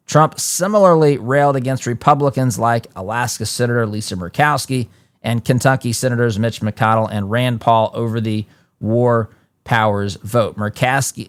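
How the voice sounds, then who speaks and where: A male talk-show host delivers a political commentary monologue. He reads news reports aloud and breaks off into emphatic asides, often restarting mid-sentence and jumping up in pitch to stress a point. His voice sits at an ordinary middle pitch, and the recording is close and dry. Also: dry recording.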